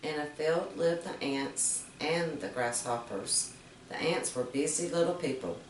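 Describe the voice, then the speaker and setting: A woman reading fables aloud to children, gently explaining each moral with questions to her listeners. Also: low-pitched, a little slow, a little hiss or hum. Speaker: storyteller. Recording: roomy, distant mic.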